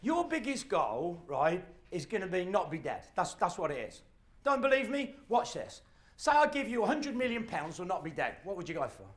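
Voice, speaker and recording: A middle-aged man, giving a live motivational talk and telling stories with acted-out voices and shouts. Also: high-pitched, very animated, normal speed. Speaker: motivational speaker.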